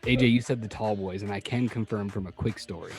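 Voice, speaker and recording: A man co-hosting a casual podcast, cracking quick jokes and laughing easily. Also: on the low side, darkish tone, soft background music. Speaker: podcast co-host. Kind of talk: casual chat.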